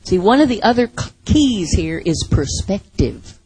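A woman preaching a sermon, telling a Bible story with lively acted-out asides. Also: medium pitch, unhurried, slightly rough, rough recording.

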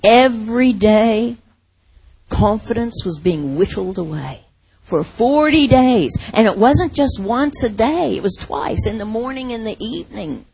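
Husky, animated woman preaching. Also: fairly high pitch, a little slow, rough recording. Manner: animated storytelling with acted-out asides. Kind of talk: sermon.

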